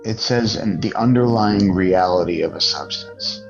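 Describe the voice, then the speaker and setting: A man on a live stream with a low voice that has a gravelly creak. He thinks aloud haltingly as he works through a question. His audio sounds dull and muffled. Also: faint music behind. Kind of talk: casual livestream chat.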